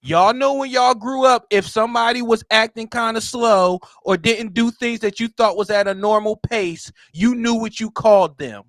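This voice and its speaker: A man speaking as a guest on a podcast, emphatic, loud and blunt in heated talk. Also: extremely high pitch, normal speed, hardly any pauses, dry recording. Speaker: guest commentator.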